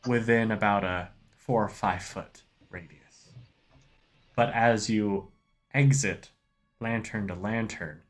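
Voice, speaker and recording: A man sets the scene as game master, in a slow and deliberate narrating voice. His voice sits on the lower side, with unhurried pauses between phrases.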